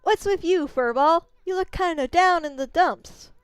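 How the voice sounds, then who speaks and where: Cocky tiny male sprite voiced by a woman, high and brash, bragging and excitable, dry close recording. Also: a little slow, dry recording. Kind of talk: game dialogue read aloud.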